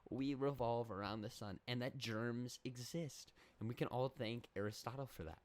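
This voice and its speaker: A man's voice: mid-range voice, moderate pace, a little mellow. A young man hosting a comedic solo podcast, rambling in a mock-serious way and correcting himself as he goes. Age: young adult. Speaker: podcast host.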